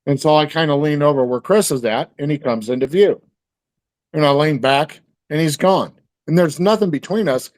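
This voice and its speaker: A man's voice: a little high, normal speed, no echo. Rambling man telling a story. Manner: rambling, many fillers and restarts. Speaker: guest. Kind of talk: storytelling in casual conversation.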